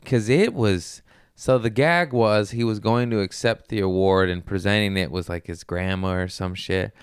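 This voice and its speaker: A man hosts a loose comedy podcast, talking in a lowish, clean and smooth voice. He rambles through profane stories and keeps jumping into excited bursts. The sound is dry and close, with no room around it. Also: moderate pace, no room sound. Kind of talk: casual podcast chat.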